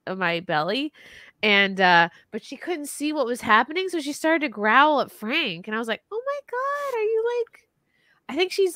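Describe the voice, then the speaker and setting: A woman's voice: on the high side, dry recording. Woman hosting a chatty podcast, giggles a lot, swoops all over the place. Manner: giggly, animated storytelling. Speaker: podcast host. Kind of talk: casual group chat.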